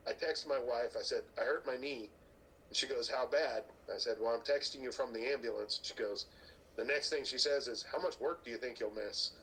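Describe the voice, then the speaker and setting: A man's voice: medium pitch, brisk, a little hiss or hum, poor audio. A middle-aged man, a strongman athlete guesting on a podcast, telling stories casually, acting out other people's lines and swearing freely. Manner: animated storyteller who acts out other people's lines; swears casually, laughs at his own stories. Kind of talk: casual storytelling chat.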